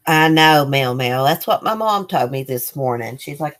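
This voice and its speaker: Low-voiced chatty woman. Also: animated, normal speed, few pauses. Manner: chatty, reads viewer comments aloud; loose, rambling with fillers. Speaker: livestream host. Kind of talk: casual live chat.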